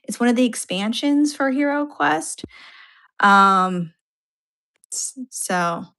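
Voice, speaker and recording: A woman's voice: a little high, animated, drawn-out words, long pauses, sharp tone. A woman chatting casually on a live stream from home, rambling and self-deprecating, with many fillers. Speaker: co-host of art live stream. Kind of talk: casual chat. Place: home upstairs room.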